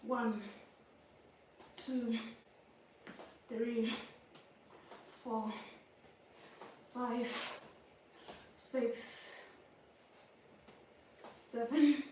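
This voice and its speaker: A woman's voice: fairly high pitch, steady tone, very slow, long pauses. A woman vlogging her workout, counting reps aloud and cheering herself on. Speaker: vlogger working out on a live stream. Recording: echoey room, mic far off, faint noise.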